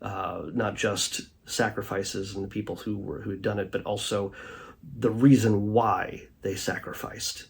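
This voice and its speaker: A man hosting a casual commentary show, rambling with many fillers and restarts, often trailing off quietly at the end of a thought. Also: lowish voice, little pitch movement, measured pace, vocal fry, breathy edge. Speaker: host reviewing a streaming documentary.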